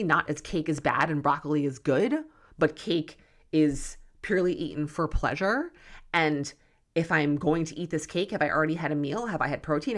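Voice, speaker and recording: A young adult woman, a nutrition coach, hosts her own solo podcast with passionate, emphatic, worked-up tough love. Her voice is low-pitched and a bit bright.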